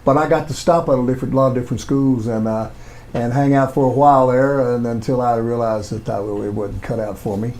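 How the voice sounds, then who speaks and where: An older man with a Kentucky drawl spins loose, folksy stories, circling back and repeating himself as he goes. His voice sits at an ordinary pitch for a man. A faint hiss runs behind him. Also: steady tone, brisk, darkish tone, poor audio. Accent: Southern US, Kentucky. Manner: folksy, rambling, repeats words. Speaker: guest, retired pro wrestler. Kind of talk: casual storytelling chat.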